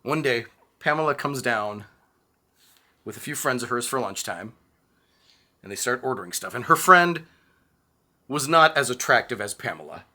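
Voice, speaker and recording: A man co-hosting a podcast, telling a story in casual chat, animated and swearing freely. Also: medium pitch, moderate pace, long pauses. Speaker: podcast co-host.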